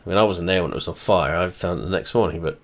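A video creator with a low voice talks at a racing pace while playing a flight simulator. He rambles casually, swears heavily and keeps things blunt and chatty, often trailing off and starting over.

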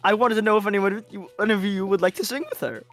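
Guy playing a high-pitched school chairman rambling on, restarting his lines, faint music underneath. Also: fairly even intonation, quick pace, fairly bright tone. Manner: rambling, trips over words and restarts. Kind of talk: live fan dub.

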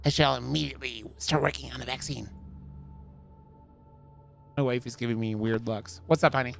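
A man's voice: medium pitch, steady tone, normal speed, creaky, a bit bright, soft background music. A man streaming a horror game, joking crudely with lots of swearing and reading the in-game notes aloud in a casual way. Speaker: let's play streamer. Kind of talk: casual gameplay commentary.

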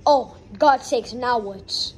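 Woman, high voice, very lively pitch, improvised plushie skit, plays all the characters, scolding, faint background hiss. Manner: animated, scolding, switching between voices.

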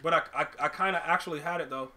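A young man streaming a football video game, ranting about his opponent in a fast, slangy flow full of restarts. His voice sits high and sounds bright and forceful. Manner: animated, ranting, repeats and restarts words, slangy. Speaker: gaming streamer. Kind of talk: live gameplay commentary.

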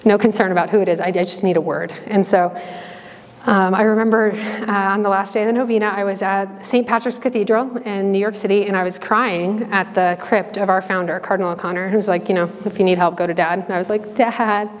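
A woman's voice: medium pitch, fairly even intonation, fairly quick. Earnest woman in a reverberant hall. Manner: earnest, conversational, many fillers and restarts. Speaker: religious sister giving a talk. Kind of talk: personal testimony talk. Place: campus ministry hall.

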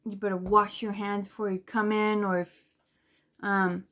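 A woman vlogging to camera, telling a story in a rambling, profane way, full of "like" fillers and animated indignation. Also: mid-range voice, measured pace. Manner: animated and indignant while retelling.

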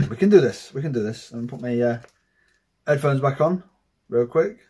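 A man in his thirties hosting a reaction video, talking in an excitable, heavily profane casual way. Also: mid-range voice, moderate pace, long pauses, breathy edge. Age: 30s.

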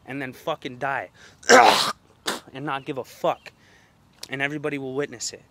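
A man's voice: mid-range voice, expressive, normal speed, creaky, fairly bright tone, dry recording. Profane, confrontational man ranting outdoors. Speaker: vlogger. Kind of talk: casual rant to camera. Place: outdoors at night among mosquitoes.

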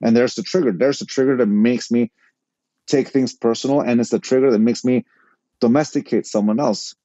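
Mellow-voiced man telling a personal story. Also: mid-range voice, moderate pace, dry recording, highs cut off. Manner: animated anecdote-telling, quotes people in dialogue. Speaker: podcast guest.

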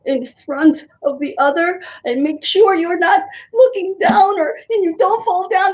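A young woman leading a creative drama warm-up for small children, animated and sing-song, with playful animal noises. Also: very high voice, measured pace, few pauses, poor audio.

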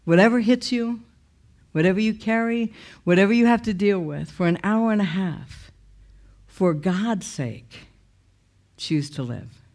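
A woman's voice: mid-range voice, unhurried, long pauses, a little mellow. Woman telling her testimony with raw emotion. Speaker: speaker sharing a personal testimony. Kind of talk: personal testimony talk.

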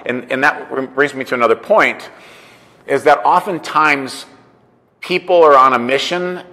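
A man's voice: mid-range voice, a bit bright, in a large hall, rough recording. A man telling a story in a casual monologue, repeating "I said" and acting out the dialogue he quotes. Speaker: entrepreneur and coach.

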